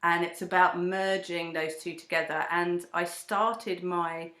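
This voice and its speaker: A woman's voice: on the low side, a little slow. Woman telling stories in an echoey room. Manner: animated storytelling, acts out quoted voices. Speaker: breathwork teacher and singer-songwriter guest. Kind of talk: conversational interview.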